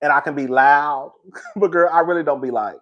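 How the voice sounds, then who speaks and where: A man's voice: a little high, moderate pace, muffled recording. A man hosting a casual live stream, chatting in a dramatic, slangy way and laughing often. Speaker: livestream host.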